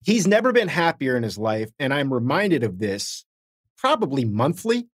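A man's voice: medium pitch, very animated, normal speed, no echo, clean studio sound. A middle-aged man co-hosting a podcast, chatting casually and telling self-deprecating anecdotes while acting out the people in them. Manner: self-deprecating storyteller, acts out quoted voices. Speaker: podcast co-host.

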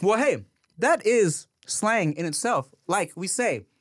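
Dude cohosting a chill podcast, super animated voice, dry close sound, keeps doing goofy slang bits. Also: male voice, sits high, slow pace, dry recording. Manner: slips into exaggerated slang impressions. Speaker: podcast co-host. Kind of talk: casual chat.

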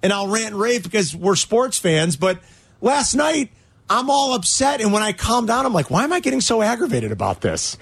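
Man, sports radio host, animated ranting fan, lively up-and-down delivery. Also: high-pitched, moderate pace, slightly rough, no echo. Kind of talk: sports talk radio chat.

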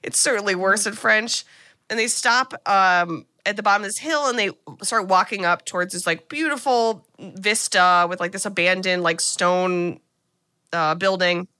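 Bright, animated woman podcast host. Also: mid-range voice, moderate pace, clean tone. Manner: animated, acts out characters' lines. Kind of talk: casual movie recap.

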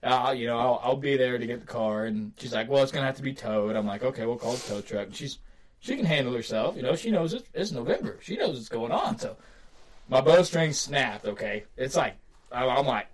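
A working-class man spins a rambling hunting yarn with a mid-range, ordinary voice. He gets excitable and laughs often as he tells it. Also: mid-range voice, a little fast. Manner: animated, laughing, excitable storyteller. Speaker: podcast guest telling a hunting story. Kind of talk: casual storytelling chat.

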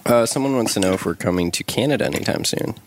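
A man co-hosting a casual podcast, reading out listener questions with an animated, laughing manner. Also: on the low side, fast talker. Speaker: podcast co-host. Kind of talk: casual chat. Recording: clear background noise.

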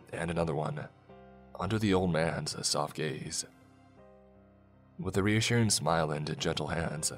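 A man with an extremely deep voice tells a first-person horror story. He keeps a low, measured storytelling pace. Faint music plays underneath. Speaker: narrator.

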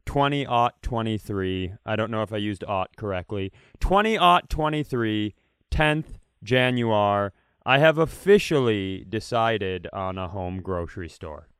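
A man's voice: lowish voice, measured pace, clear, resonant tone, no room sound, studio quality. A man co-hosting a comedy podcast in casual chat, with faint traces of a Southern US accent. He rambles, loses his words and mocks himself. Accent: faint Southern US, mostly trained out. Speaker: podcast co-host.

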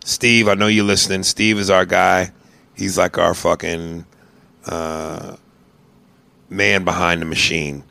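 A man co-hosting a comedy podcast, talking loud, profane and bossy in casual banter. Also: low voice, little pitch movement, takes it slowly, creaky, long pauses. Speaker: podcast co-host.

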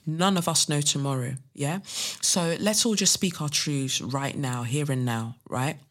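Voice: medium pitch, unhurried, fairly bright tone. A podcast host who reads out a listener's letter, then rants bluntly, swearing and firing off rhetorical questions. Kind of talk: solo podcast monologue, reading a listener letter and ranting.

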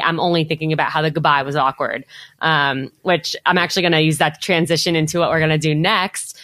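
A woman's voice: deep voice, a bit bright, dry recording, studio quality. A woman hosting a podcast, chatty and upbeat, with lots of filler "like". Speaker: podcast host. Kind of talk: casual podcast chat.

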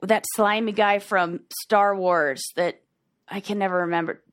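A woman's voice: mid-range voice, steady tone, a little slow, clear, resonant tone. A woman hosting a podcast, chatting casually and encouragingly, with frequent "like" fillers. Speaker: podcast host; therapist-like coach. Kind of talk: casual chat and read ad.

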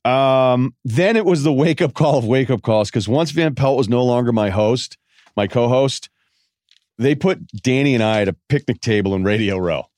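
A man's voice: medium pitch, normal speed, a little mellow, no room sound, studio quality. A man hosting a podcast, telling rambling, self-deprecating stories in a casual way. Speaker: podcast host. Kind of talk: casual storytelling monologue.

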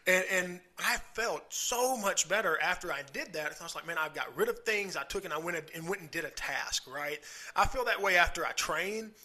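Bright-voiced Southern American man. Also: sits high, a little fast. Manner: enthusiastic, stammers on restarts. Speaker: podcast host. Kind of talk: casual podcast chat.

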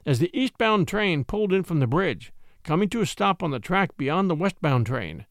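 Dramatic guy reading an old-timey story, kinda high voice, dry sound. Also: very animated, normal speed, no echo. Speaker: audiobook reader. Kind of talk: old-time story narration.

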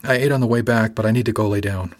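A man's voice: on the low side, no room sound, clean studio sound, natural voice. A man doing an elated, worn-out woman mate. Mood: excited. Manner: excited, quick.

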